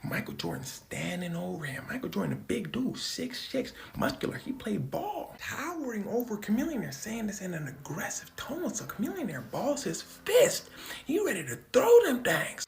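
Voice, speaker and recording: Gravelly, dramatic storyteller. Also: medium pitch, wildly swooping pitch, normal speed. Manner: dramatic, drops into whispers and loud bursts. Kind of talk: casual anecdote retelling.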